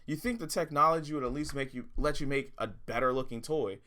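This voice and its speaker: A man's voice: mid-range voice, brisk, sharp tone. A man hosting a toy review vlog, ranting in frustration and swearing often. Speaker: toy reviewer, channel host.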